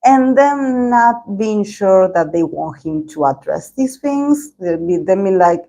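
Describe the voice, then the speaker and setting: Slow, meandering woman tarot reader. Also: mid-range voice, animated, mellow, rough recording. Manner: meandering, hedging talk with many pauses. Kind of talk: tarot reading video.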